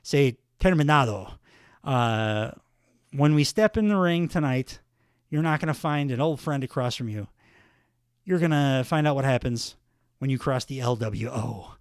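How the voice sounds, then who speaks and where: A man plays a calm, veteran Mexican male wrestler, giving low, measured warnings in a put-on Mexican Spanish accent. The sound is close and dry. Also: clear, resonant tone, no echo, lightly acted. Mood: stern.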